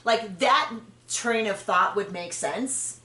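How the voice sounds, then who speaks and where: A woman hosting a podcast, chatting frankly and opinionatedly about a reality show, with quick asides and self-corrections. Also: mid-range voice, sharp tone. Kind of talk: casual opinionated chat. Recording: roomy distant mic.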